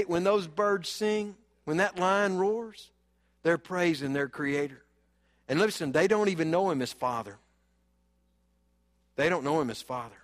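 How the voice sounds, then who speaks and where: A male pastor with a drawl delivers an animated sermon. His voice sits high, and he swings from loud exhortation down to hushed asides. The sound rings with the long reverb of a large hall.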